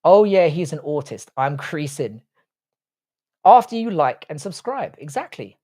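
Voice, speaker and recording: On his laid-back stream, a male host works through chat comments in a fairly high, mellow, sing-song voice, taking his time. His talk is blunt and full of swearing, and he often loses the thread and starts over.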